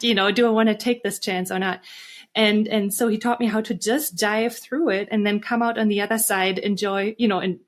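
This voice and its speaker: Earnest woman telling her story. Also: fairly high pitch. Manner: earnest, reflective, with fillers and restarts. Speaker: guest author. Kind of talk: casual interview talk.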